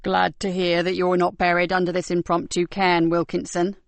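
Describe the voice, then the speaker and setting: A woman's voice: fairly low pitch, monotone, normal speed, no room sound, lightly acted. Woman reading as an exasperated bulky policeman. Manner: exasperated, complaining. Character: grumbling bulky male police officer, exasperated.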